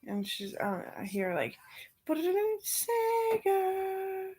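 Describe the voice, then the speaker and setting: A woman vlogging while doing her makeup. She tells a story casually, replays old conversations as back-and-forth dialogue, swears offhandedly, and sometimes drops into soft, quiet asides. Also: medium pitch, normal speed, poor audio.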